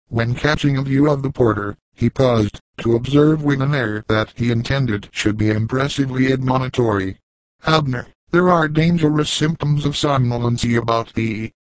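A man reads an old novel aloud as an audiobook narrator. His reading is steady and measured, at a middle pitch. The sound is dry and close, with no room echo.

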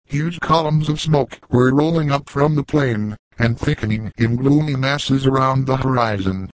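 A man narrating a classic novel in a measured, even reading. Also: mid-range voice, no room sound, poor audio. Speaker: audiobook narrator.

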